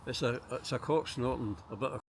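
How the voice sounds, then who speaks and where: A man's voice: mid-range voice, brisk, a little hiss or hum. An older man with a Glaswegian Scottish accent tells rambling, profane stories at home, full of asides. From Scotland. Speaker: interviewee. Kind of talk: casual storytelling. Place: at home, indoors.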